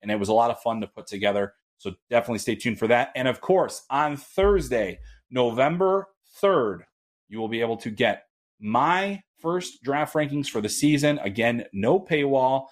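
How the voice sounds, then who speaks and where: A man's voice: medium pitch, expressive, moderate pace. Chatty male hockey podcast host. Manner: loose and chatty, with frequent ums and restarts. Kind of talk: casual solo podcast talk.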